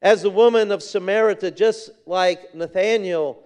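Man, preacher, sermon, fervent, repeats phrases, smooth resonant tone. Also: high voice, unhurried, darkish tone. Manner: reads scripture in King James wording. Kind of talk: sermon with a personal story.

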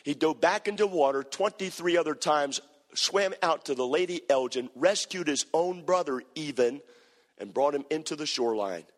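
A preacher, a man with a fairly high voice, tells a story from the pulpit with heavy repetition and swells of passion. His voice carries a long reverb from the hall around him. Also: lively intonation, normal speed. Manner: impassioned, repetitive, rising to shouted climaxes. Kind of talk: sermon storytelling.

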